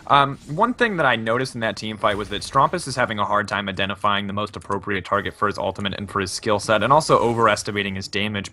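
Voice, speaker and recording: A man's voice: fairly low pitch, sharp tone. A man giving live esports color commentary, breaking down the play analytically with casual fillers. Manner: analytical, with frequent um and you know.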